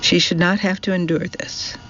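A man voicing a troubled young man who speaks quietly and formally. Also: high-pitched, little pitch movement, normal speed, lo-fi sound, a little hiss or hum. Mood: grim.

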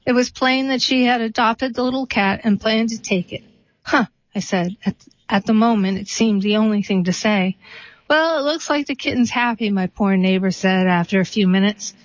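Calm woman reading aloud, dull recording. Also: medium pitch, moderate pace, no echo. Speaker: reader. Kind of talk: reading a story and a poem aloud.

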